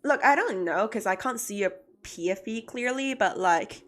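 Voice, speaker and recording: A woman's voice: mid-range voice, animated, normal speed, fairly bright tone, faint music behind. A young woman, chatting casually with viewers on her art livestream and laughing often. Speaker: art streamer.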